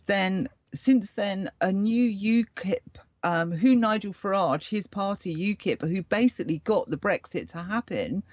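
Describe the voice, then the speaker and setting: A woman's voice: mid-range voice, expressive, measured pace, a little mellow, dry recording, muffled recording. A woman from the United Kingdom in casual chat, wryly explaining news to co-hosts. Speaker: co-host.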